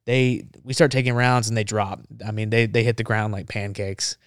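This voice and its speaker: Man, low-ish smooth voice, animated storyteller, dry close mic. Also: moderate pace, dry recording. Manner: animated storyteller, acts out dialogue. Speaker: podcast guest. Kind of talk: war storytelling.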